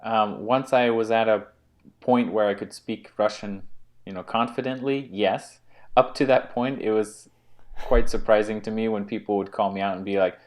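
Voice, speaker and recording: Low-voiced man, halting chat. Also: fairly even intonation. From United States. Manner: halting, with frequent restarts and fillers. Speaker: co-host. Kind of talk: casual conversational chat.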